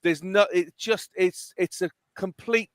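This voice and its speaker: Animated middle-aged podcast host. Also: male voice, high-pitched, measured pace, no echo. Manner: animated, emphatic storytelling. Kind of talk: casual podcast chat.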